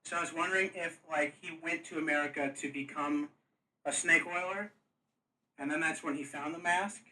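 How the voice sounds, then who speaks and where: Bright-voiced game master, off mic. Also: male voice, on the high side, fairly even intonation, recorded from a distance, poor audio. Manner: halting, restarts often. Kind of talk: casual chat.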